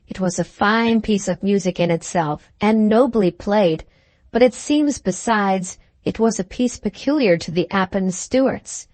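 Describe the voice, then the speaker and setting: A woman narrates a classic novel as an audiobook, reading at a steady, measured pace. Her voice sits at a middle pitch for a woman. The recording is close and dry, with no room echo.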